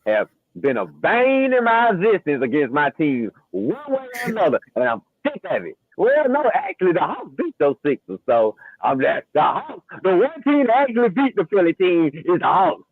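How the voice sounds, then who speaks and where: A man co-hosting a casual sports talk show, animated and trash-talking. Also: high-pitched, moderate pace, hardly any pauses, narrow, tinny audio. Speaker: co-host.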